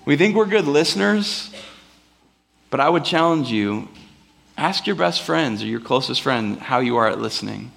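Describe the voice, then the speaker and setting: Male pastor, casual rambling sermon delivery, gravelly fry in the voice, slips into playful character voices. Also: mid-range voice, lively intonation, normal speed, fairly bright tone. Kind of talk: conversational sermon. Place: church before a live congregation.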